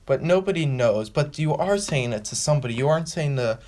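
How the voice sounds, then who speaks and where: A man's voice: a little high, expressive, fairly quick, darkish tone. Rambling male fan explainer. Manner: rambling, restarts and repeats phrases; acts out quoted lines with a raised voice. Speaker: fan video host. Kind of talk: casual fan explainer monologue.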